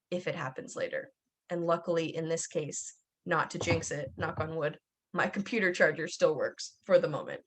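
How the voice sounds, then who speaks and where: A woman's voice: on the low side, a bit bright. A young woman hosting a podcast from home, talking candidly in a rambling, casual way with many fillers. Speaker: podcast host. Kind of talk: casual chat.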